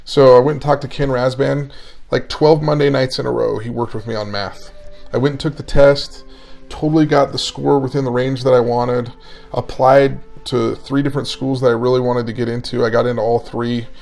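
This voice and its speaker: A man's voice: medium pitch, moderate pace, gravelly, faint music behind. A man in his forties, a mental performance coach, telling stories in a casual interview and acting out the dialogue. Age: 40s. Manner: animated storyteller, acting out dialogue.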